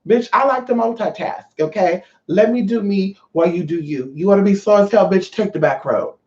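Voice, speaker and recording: A woman's voice: mid-range voice, brisk, hardly any pauses, a little mellow. A woman vlogger talking to her viewers in a brash, profane, rambling rant. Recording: roomy, dull lo-fi sound.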